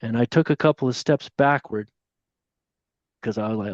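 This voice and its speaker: Man, podcast guest, animated storyteller, muffled lo-fi sound, dry. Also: medium pitch, normal speed, no room sound. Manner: animated storyteller, voices the people in his stories. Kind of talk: casual storytelling. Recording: dull, dry lo-fi audio.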